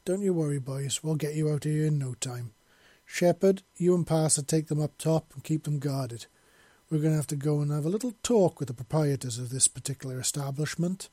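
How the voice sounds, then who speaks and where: Swaggering woman team leader, voiced by a male narrator: loud, bossy, low-toned. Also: brisk, no echo, close to an everyday voice. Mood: brash.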